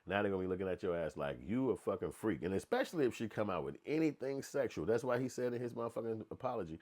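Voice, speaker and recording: A man with a lowish voice runs through a blunt opinion rant, heavy with slang and cursing. He talks loosely and keeps slipping into other voices to act out what people said. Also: expressive, quick pace, few pauses, darkish tone. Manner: blunt, profane, slangy, acts out quotes in voices. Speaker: commentator.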